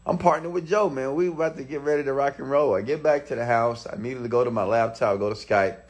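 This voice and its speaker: With a mid-range voice and a quick pace, a man in his thirties who works as a motivational speaker tells a personal story animatedly, punctuated by sudden excited shouts.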